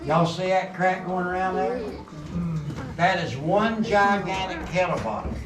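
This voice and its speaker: In an underground mine tunnel, a middle-aged man leads a guided tour of a coal mine, spinning jokes and stories in a folksy manner. His voice is high-pitched and a little slow. A crowd can be heard, and the recording has a roomy echo, a distant camera, and background noise.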